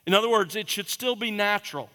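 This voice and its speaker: A man's voice: high voice, fast talker. A man teaching preachers about sermon delivery in an emphatic lecture style, stressing and repeating his key points. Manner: emphatic, repeats key points, drops to a quiet conversational voice to demonstrate. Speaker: preaching instructor. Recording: long reverb in a large hall.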